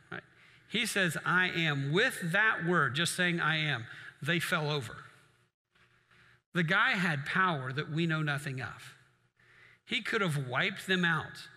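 A man's voice: fairly high pitch, pushed and bright, long reverb tail. A male pastor preaching a sermon in a conversational way, with asides to the congregation.

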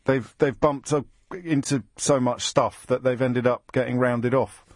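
A man hosting a live radio phone-in show, bantering quickly and teasingly with callers. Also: medium pitch, fairly even intonation, dry recording, studio quality. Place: radio studio. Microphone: studio microphone.

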